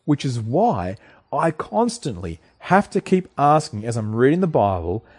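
A man's voice: medium pitch, big pitch swings, unhurried, darkish tone, breathy edge. A man preaching a sermon, explaining a passage in an earnest, teaching way with occasional fillers and restarts.

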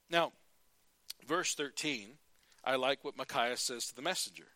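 A man preaching a sermon, retelling a Bible story and acting out its characters in lively, conversational bursts. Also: mid-range voice, unhurried, long pauses, no room sound. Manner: animated, acts out the Bible characters in his retelling.

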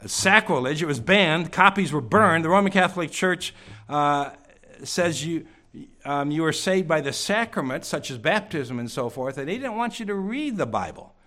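Preaching man with a sudden hush. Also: on the high side, animated, normal speed. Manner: preaching with rhetorical questions and sudden drops to a hush. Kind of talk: sermon. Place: church.

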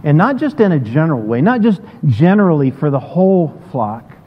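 A man's voice: fairly high pitch, very animated, a little fast. A male pastor delivers an earnest sermon in a slightly raised voice, often doubling back on his words as he works through a point. The sound is a little dull and lo-fi, and his voice trails into a long reverb as in a large church hall.

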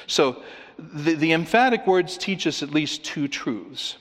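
A man preaching an expository sermon, emphatic, with rhetorical questions and swings between loud and quiet. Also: on the high side, expressive, measured pace. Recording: long reverb of a large hall.

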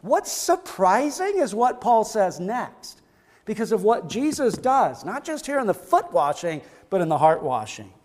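A man with a notably high voice preaching a sermon with fervent, repetitive emphasis. His voice rings out with a long reverb across the church sanctuary. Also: very animated, measured pace, a little mellow. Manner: fervent preaching with repeated phrases and rising emphasis. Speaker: pastor.

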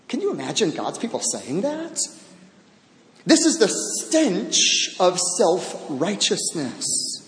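A man preaching a sermon verse by verse, animated, acting out quoted voices and repeating words for emphasis. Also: high-pitched, takes it slowly. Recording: echoey hall.

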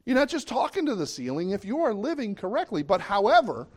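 A man's voice: sits high, very animated, a little fast, hardly any pauses, a little mellow. A middle-aged man preaching a sermon in a conversational way, often asking the listeners questions. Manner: conversational, asks the audience questions.

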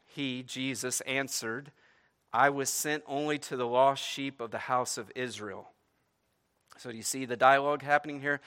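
A man preaching a sermon, animated, breaking into dramatic pleading voices as he retells a story and checking in with "right?". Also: mid-range voice. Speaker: pastor.

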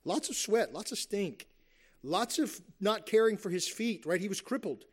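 An earnest man preaching a sermon in a slightly raised voice. He drives his points home with emphasis, rhetorical questions and quick acted-out quotes. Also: high voice, animated, husky.

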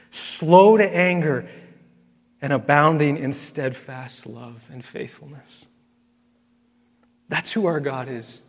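A man's voice: fairly high pitch, big-room sound. A man preaching a sermon as pastor, earnest and emphatic, repeating key phrases and calling his listeners friends.

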